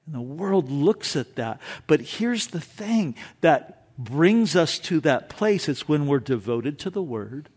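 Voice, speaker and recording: A male pastor preaching a sermon, moving from calm, conversational asides with easy laughs to loud, fervent peaks. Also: a little high, slow, hardly any pauses, husky.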